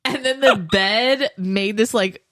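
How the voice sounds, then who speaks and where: A woman's voice: fairly high pitch, slow, fairly bright tone, no echo, clean studio sound. A woman in her thirties co-hosting a podcast with her husband, laughing often as she chats. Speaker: podcast co-host. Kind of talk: casual chat.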